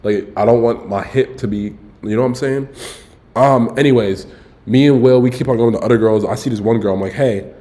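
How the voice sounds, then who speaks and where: A man's voice: medium pitch, fairly even intonation, a little fast, mellow. A young man streaming live, telling a story in a loose, candid way and saying "bro" and "like" a lot.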